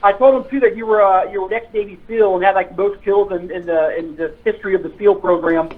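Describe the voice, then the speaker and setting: A man's voice: high-pitched, fairly even intonation, quick pace. A retired police officer, a man, telling stories in a casual chat, hesitant with many fillers and restarts. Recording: tinny phone-like line.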